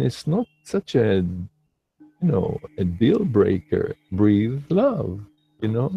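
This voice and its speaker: A man talking as a meditation teacher in a slow, reflective livestream talk, pausing and restarting often. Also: fairly high pitch, creaky, dark tone, husky, no echo. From lives in New York City.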